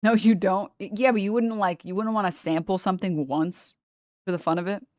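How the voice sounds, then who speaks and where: A woman livestreamer chatting casually with her viewers and reading chat, rambling and animated, laughing often and swearing freely. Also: medium pitch, a little fast, no room sound, studio quality.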